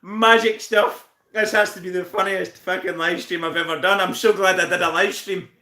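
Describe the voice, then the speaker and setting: A Northern Irish man hosting a live stream, his voice high and bright. He swears freely and breaks into laughter as he ribs his viewers. The room around him is echoey. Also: steady tone, normal speed. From Northern Ireland. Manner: laughs constantly, swears, teases viewers by name. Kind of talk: casual live stream banter.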